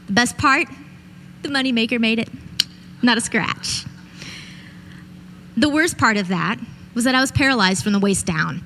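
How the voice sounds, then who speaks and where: A woman's voice: fairly high pitch, fairly bright tone, a little hiss or hum. A woman in her late twenties to thirties giving a motivational keynote speech, telling a vivid personal story and addressing the audience directly. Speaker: keynote speaker. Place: event stage.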